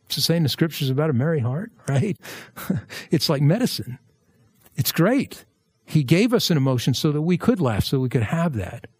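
Male pastor, higher-pitched, dry close sound, relaxed preaching with humorous asides. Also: normal speed, breathy edge, no room sound. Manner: conversational, jokey asides, lively emphasis. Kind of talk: verse-by-verse sermon.

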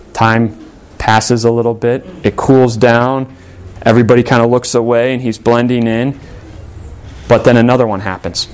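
A man preaching a sermon, telling the story in a lively way and acting out the characters' lines. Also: mid-range voice. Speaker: pastor.

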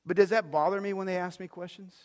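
A middle-aged pastor delivering a sermon, swinging between quiet, intimate phrases and loud, emphatic ones, often repeating words as he builds a point. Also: sits high, steady tone, fast talker. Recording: long reverb of a large hall.

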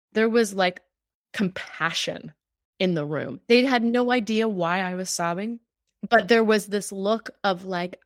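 A woman's voice: mid-range voice, dry recording, clean studio sound. A woman guest telling a personal story in conversation. She speaks in a heartfelt, rambling way, full of fillers. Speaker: cancer survivor guest.

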